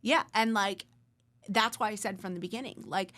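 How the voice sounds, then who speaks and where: A woman's voice: mid-range voice, normal speed, fairly bright tone. Blunt, earnest woman host. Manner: blunt, earnest, swears freely, searches for words. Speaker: attorney and podcast host. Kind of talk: casual conversation.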